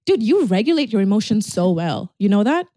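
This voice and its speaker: A young woman in her twenties hosts a casual podcast, talking in an animated, swear-laden way with frequent laughter. Her voice sits at a middle pitch. The recording is close and dry, with no room sound. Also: a little fast, no echo. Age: 20s. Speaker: podcast host. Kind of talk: casual chat.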